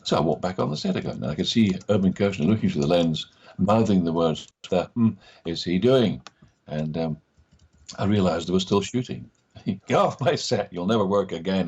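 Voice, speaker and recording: Deep husky older Scottish man. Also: darkish tone, dull audio. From Scotland. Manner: acts out quoted voices in his stories. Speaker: actor guest. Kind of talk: anecdotal interview storytelling.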